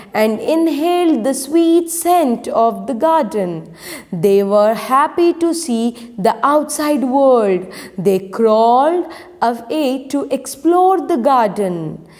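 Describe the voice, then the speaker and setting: Very slow woman teacher, reverberant. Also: high voice, a little mellow. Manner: slow, repeats each vocabulary word. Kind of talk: reading a lesson aloud to pupils. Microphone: online class recording. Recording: long reverb.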